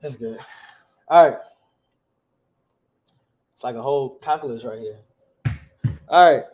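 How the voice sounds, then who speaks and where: A man's voice: medium pitch, unhurried, darkish tone. A man teaching a class in a casual, slangy way, often checking with the students by asking "right?". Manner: slangy, conversational.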